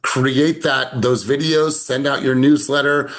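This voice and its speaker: A man leading a casual group coaching call over video from a home in the mountains, energetic and emphatic, repeating words and laughing often. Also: mid-range voice, unhurried. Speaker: sales coach.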